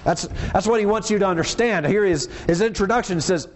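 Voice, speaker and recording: A man preaching a sermon in an earnest, emphatic way, reading scripture aloud and slowing down on the words he wants to stress. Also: high-pitched.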